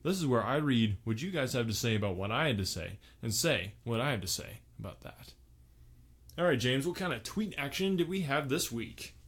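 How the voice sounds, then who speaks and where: A man hosts a comedy podcast in a boastful, self-satisfied way. He rambles with plenty of fillers. His pitch sits in a middle range for a man. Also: animated, fairly quick, a bit bright, breathy edge. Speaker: podcast host.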